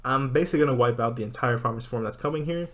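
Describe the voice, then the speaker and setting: A man's voice: mid-range voice, racing, fairly bright tone, natural voice. A man voicing a breezy young male slime-leader in an anime recap, talking in a cheerful, offhand and commanding way. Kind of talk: retelling an anime scene in character voices.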